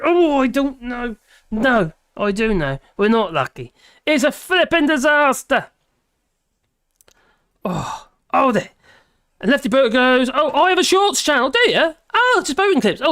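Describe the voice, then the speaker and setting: A woman's voice: a little high, no room sound, clean studio sound. A tired woman, rambling and grumbling in casual chat while reading out comments on her live stream.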